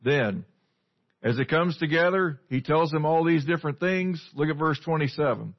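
A man preaching in a conversational way, his voice sitting a bit higher than most men's. He puts scripture into plain everyday words and keeps asking his listeners questions. The recording sounds dull and lo-fi. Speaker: pastor. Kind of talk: sermon.

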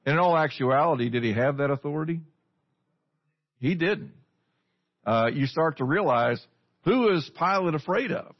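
A man preaching in a conversational way, his voice sitting a bit higher than most men's. He puts scripture into plain everyday words and keeps asking his listeners questions. The recording sounds dull and lo-fi. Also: lively intonation, normal speed, long pauses. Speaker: pastor. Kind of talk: sermon.

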